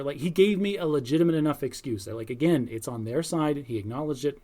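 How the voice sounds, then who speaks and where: A man's voice: a little high, fast, few pauses. A middle-aged man on a casual podcast, telling stories with lots of energy and acting out both sides of his phone calls. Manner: animated storyteller, acts out phone calls. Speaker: podcast co-host. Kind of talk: casual chat.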